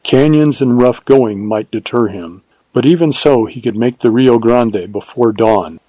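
A man narrating an audiobook novel in a measured, unhurried storytelling manner. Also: medium pitch, mellow, breathy edge, no echo, low-quality recording.

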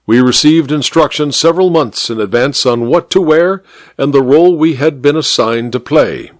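A man voicing a blustering, snorting old army major with theatrical pauses, read in a dry storybook style. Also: mid-range voice, dry recording, pitched above the performer's own voice, natural voice. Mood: explaining.

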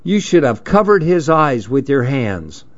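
A man's voice: mid-range voice, sing-song, unhurried. A man voicing a tough, bossy girl who growls and scolds, on a dull lo-fi recording. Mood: scolding.

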